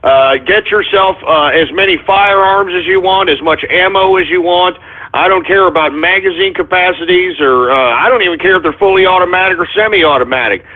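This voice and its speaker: A man's voice: high voice, fairly quick. A man hosting a call-in radio show, agitated and swearing, a little out of breath. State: winded. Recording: phone-like narrow audio.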